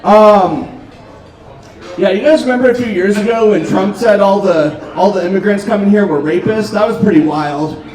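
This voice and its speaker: A man doing a stand-up set, telling dark jokes in a deadpan way with frequent ums, on a restaurant comedy stage. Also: high voice, normal speed. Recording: roomy club, distant mic, crowd noise. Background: audience laughter.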